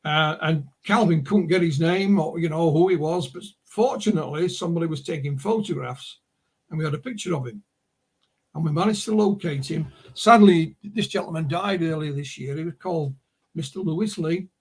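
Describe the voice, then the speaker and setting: Husky man telling stories. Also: fairly high pitch, moderate pace. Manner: rambling anecdotal storyteller, full of asides. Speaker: author and publisher guest. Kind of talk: casual interview storytelling. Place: remote interview call.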